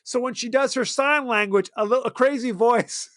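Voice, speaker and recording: A man's voice: extremely high pitch, normal speed, fairly bright tone, dry recording, studio quality. A man co-hosting a podcast in casual chat, recapping with frequent laughs. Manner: chatty, laughs often while recapping. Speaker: podcast co-host.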